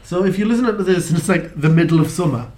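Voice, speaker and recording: A man's voice: sits high, fast, darkish tone. A man co-hosting a podcast in casual chat, joking around and laughing often. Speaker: podcast co-host.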